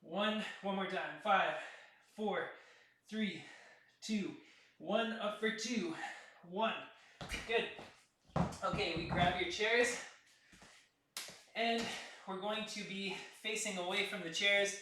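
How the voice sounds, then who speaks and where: A man leading a workout class as fitness instructor, counting reps and giving steady coaching cues, recorded from a distance in an echoey room. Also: sits high, slow pace, pauses often, background noise.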